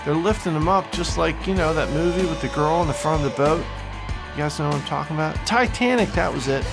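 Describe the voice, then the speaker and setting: A man hosting a gaming video, calling the on-screen action in an excitable mock sportscaster style with bursts of frustration. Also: a little high, a little fast, gravelly, over music. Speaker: gaming channel host. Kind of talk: play-by-play gameplay commentary.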